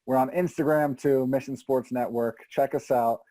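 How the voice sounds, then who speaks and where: Man, host sign-off, mellow dark voice, upbeat promo. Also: mid-range voice, fairly even intonation, normal speed, no echo, rough recording. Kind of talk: show sign-off.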